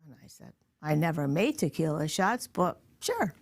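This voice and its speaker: A middle-aged woman appears as a podcast guest, telling a story in a loose, animated way with lots of laughter and free swearing. Her voice is low and her pace moderate.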